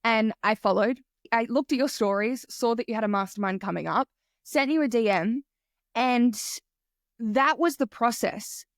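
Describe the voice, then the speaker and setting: Bubbly higher-voiced woman podcast host. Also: normal speed, no room sound, clean studio sound. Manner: enthusiastic, swears casually, acts out quotes. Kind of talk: casual interview chat.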